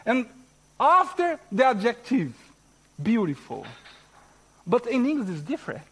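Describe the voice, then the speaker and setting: Slow, high-voiced preacher with Portuguese accent. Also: male voice, wildly swooping pitch, fairly bright tone, husky, poor audio. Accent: Brazilian Portuguese. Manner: slow, emphatic teaching with rising stresses. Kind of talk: sermon.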